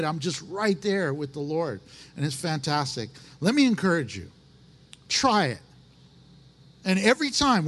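A man preaching a sermon as pastor, folksy and animated, slipping into little acted asides. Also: sits high.

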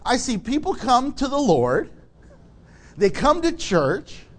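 A man preaching a sermon, animated and laughing often, acting out the people in his story. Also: extremely high pitch, takes it slowly. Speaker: pastor.

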